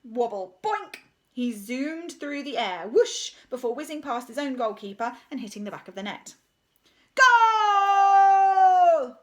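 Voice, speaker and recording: A woman's voice: on the high side, animated, normal speed, hardly any pauses. Woman, storybook reader, playful, sound effects and asides. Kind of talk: children's story reading.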